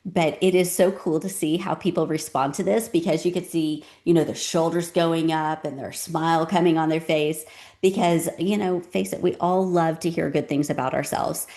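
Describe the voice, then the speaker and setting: Low-voiced woman giving parenting advice. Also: moderate pace. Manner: relaxed and conversational, with frequent "um" and "you know". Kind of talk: casual advice talk to camera.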